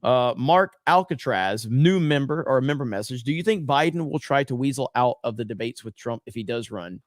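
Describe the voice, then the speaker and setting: A man hosting a live stream, reading viewer comments aloud in a relaxed, casual chat full of ums and uhs. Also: mid-range voice, brisk, no room sound, studio quality. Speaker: host.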